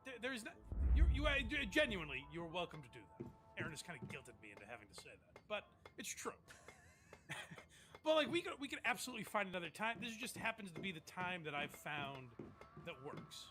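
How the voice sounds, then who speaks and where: Male host, high and lively voice, rambling and profane, reacting to clips on stream. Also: fairly quick, music in the background. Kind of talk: casual commentary on clips.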